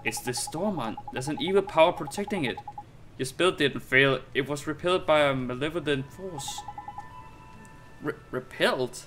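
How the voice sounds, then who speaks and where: A man's voice: on the high side, expressive, moderate pace, voice pushed up, close to an everyday voice. A man voicing a chatty, blunt male fairy sidekick, talking in brash, slangy bursts over game music. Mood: puzzled.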